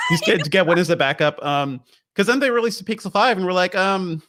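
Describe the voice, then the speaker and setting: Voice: medium pitch, wildly swooping pitch, fairly quick, a bit bright. A tech podcast co-host in casual chat, bantering and laughing often.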